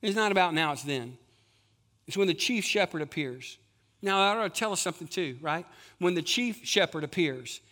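Male pastor, middle-aged, high voice, bright tone, sermon with rhetorical questions. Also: animated, moderate pace. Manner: conversational preaching with rhetorical questions to the congregation. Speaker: lead pastor.

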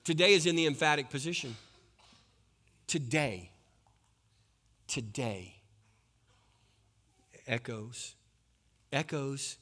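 A man preaching a sermon, swinging between hushed, intense passages and loud, rising exhortation. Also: on the high side, moderate pace. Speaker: pastor.

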